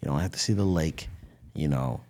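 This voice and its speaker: A man's voice: very deep voice, a little fast, dark tone. A man in his thirties co-hosting a podcast, telling a playful story in casual chat. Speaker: podcast co-host.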